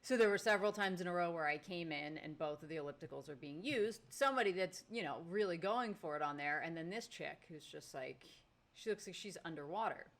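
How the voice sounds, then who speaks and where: A woman co-hosting a podcast, telling a story in casual chat with animated exasperation. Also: fairly low pitch, brisk. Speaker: podcast co-host.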